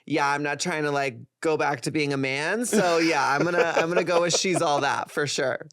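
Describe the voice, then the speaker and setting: A young woman from Texas, a guest in a casual chat, bubbly and animated and quick to tease. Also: low-pitched, dry recording, studio quality. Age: young adult.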